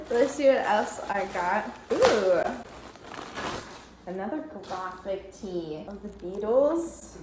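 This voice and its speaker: Bubbly young woman, slow chatty unboxing. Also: on the high side, expressive, echoey room, noisy background. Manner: bubbly, chatty, breaks off to tease her cat. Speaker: fashion vlogger. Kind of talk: casual unboxing chat.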